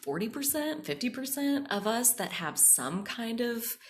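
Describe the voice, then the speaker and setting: A woman hosting a podcast, telling a personal story in a casual, animated way, often saying "like" and acting out the voices she quotes. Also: a little high, measured pace, a little hiss or hum. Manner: animated, acts out quoted voices, frequent "like" fillers. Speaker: podcast host.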